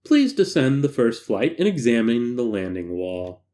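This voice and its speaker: A man voicing a calm male researcher who gives flat, clipped orders. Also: mid-range voice, moderate pace, voice pushed down, close to an everyday voice.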